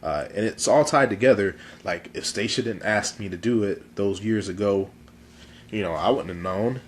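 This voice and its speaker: Stuffed-up guy, lowish voice, goofy rambly vlog chat into his phone. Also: moderate pace, a little hiss or hum. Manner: chatty, goofy, rambling with fillers. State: congested, sore throat. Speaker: vlog host. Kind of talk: casual talk to camera.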